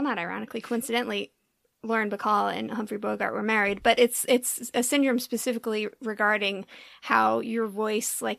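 A woman's voice: mid-range voice, vocal fry, a bit bright, no room sound, studio quality. A woman co-hosting a podcast, chatting casually and thoughtfully about an old film.

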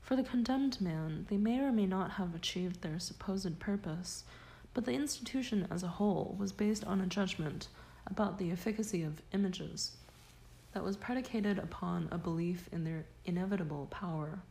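Mellow-voiced woman reading nonfiction. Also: fairly low pitch, vocal fry, low-quality recording. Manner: measured, deliberate reading. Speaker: audiobook reader. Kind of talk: nonfiction audiobook narration.

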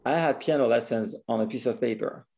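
Fast-talking man with a French accent. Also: mid-range voice, vocal fry, a little hiss or hum. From France. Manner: animated storyteller, acts out quoted voices, laughs often. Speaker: guest, pianist. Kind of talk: conversational storytelling interview.

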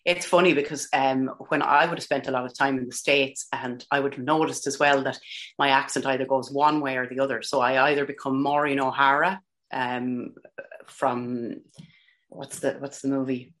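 A woman's voice: rumbling low, steady tone, moderate pace. An Irish woman from Ireland chatting as a guest in an interview over a remote call, talking freely with plenty of ums and restarts in a self-deprecating way. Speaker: guest, country singer. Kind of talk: casual interview chat.

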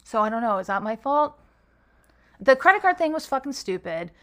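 A woman's voice: on the high side, very animated, brisk, a bit bright. A young woman casually telling a personal story, filling it with "like" and acting out what people said. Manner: chatty, full of "like" fillers, acts out quoted dialogue.

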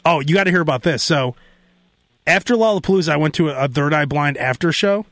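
Animated high-voiced man telling a story. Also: quick pace, no echo. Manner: animated, mimics people in quotes. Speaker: radio host. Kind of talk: casual storytelling chat. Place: radio studio.

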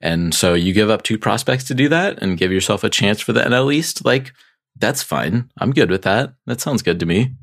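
A young man with a low voice co-hosts a podcast in relaxed chat. He hedges and pauses, piling up fillers as he works out his views. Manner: hesitant, hedging with fillers. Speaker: podcast co-host. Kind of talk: casual chat.

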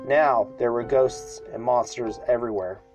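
A man's voice: mid-range voice, moderate pace, over music, poor audio. Man reading a story aloud, slips and restarts. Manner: reads with slips and restarts, shouting the screams. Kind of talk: amateur read-aloud storytelling.

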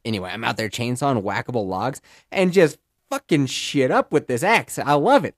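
A young man in casual podcast storytelling, rambling and jokey with lively bursts. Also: medium pitch, normal speed, no room sound, clean studio sound. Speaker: podcast host.

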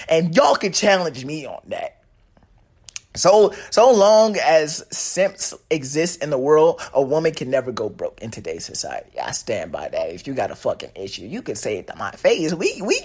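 A man's voice: fairly high pitch, breathy edge. A young man hosting his own podcast, ranting casually in a rambling, profane way. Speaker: podcast host. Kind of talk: solo podcast rant.

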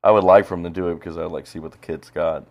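A man's voice: deep voice, fairly even intonation, rapid-fire, a little mellow. A man co-hosting a casual podcast, rambling and swearing with lots of fillers while reacting to a baseball game. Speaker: podcast co-host.

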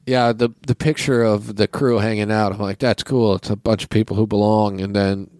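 A man's voice: lowish voice, level tone, moderate pace, a little mellow, dry recording. A man talking as a podcast guest in casual chat, blunt and sardonic, acting out quotes in his stories. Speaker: comedian guest.

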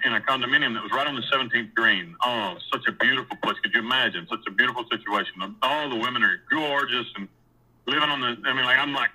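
A husky, mid-range male voice comes through poor-quality audio as he recounts his personal story. His telling is casual and rambling, full of crude, blunt words, restarts and repetition, turning animated when he describes scenes.

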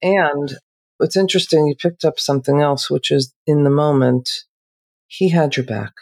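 Woman, podcast co-host, therapist, gravelly low voice, measured, reflective. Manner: calm, measured, slows down to stress points.

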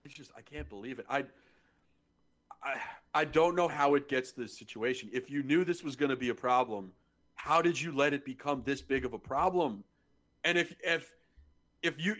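A man with a fairly high voice co-hosts a casual sports podcast. He sounds exasperated and stumbles over repeated words when he gets worked up. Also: a bit bright. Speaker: podcast co-host.

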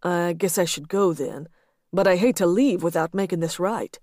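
A woman's voice: fairly low pitch, moderate pace, warm tone, no room sound, clean studio sound, close to an everyday voice. Woman voicing a hesitant, uneasy man. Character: hesitant man, narrator's younger self.

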